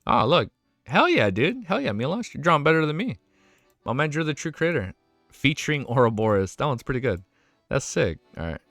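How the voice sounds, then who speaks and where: A male streamer reacts out loud in casual live chat, excitable and quick to swear. His voice is bright and swings widely in pitch. The mic is close and dry, with faint music underneath. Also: no room sound. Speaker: streamer reacting to fan art.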